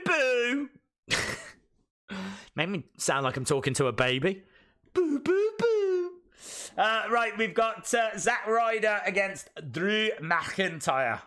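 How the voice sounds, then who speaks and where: A man chatting through a live watch-along reaction stream. He is excitable and reads out viewer comments as he goes. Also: fairly high pitch.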